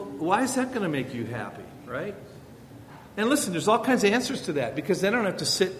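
A middle-aged man giving an informal Bible-based parenting lesson, talking conversationally and repeating rhetorical questions. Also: fairly bright tone. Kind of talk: informal teaching talk. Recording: reverberant hall with faint rumble.

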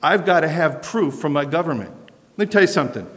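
An American man preaching a sermon in an animated, conversational way, asking rhetorical questions. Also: a little high, fast talker. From United States. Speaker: pastor. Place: church sanctuary. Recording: long hall reverb.

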